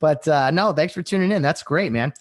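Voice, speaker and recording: A man hosting a casual podcast who chimes in with excited reactions and questions. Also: on the high side, a little fast. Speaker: podcast host. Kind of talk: casual chat.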